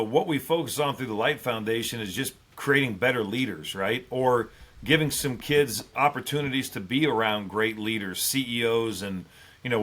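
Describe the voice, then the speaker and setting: A middle-aged man, a former football player, telling a funny hunting story as a podcast guest, animated and laughing as he goes. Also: mid-range voice. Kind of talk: casual storytelling.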